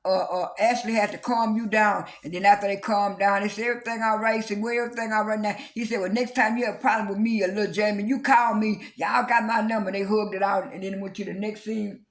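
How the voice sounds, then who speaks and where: A man with a high-pitched voice rambles through a casual reality show recap, stumbling over lots of repeated "and"s and "uh"s. He acts out the quoted arguments with rising emphasis. The sound is roomy and echoey. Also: level tone, fast talker, few pauses. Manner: rambling, many repeated fillers and restarts. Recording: echoey room.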